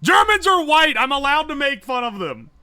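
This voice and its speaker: High, bright-voiced streamer man. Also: big pitch swings, normal speed, no echo. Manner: swearing, joking, thinking aloud. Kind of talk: casual livestream commentary.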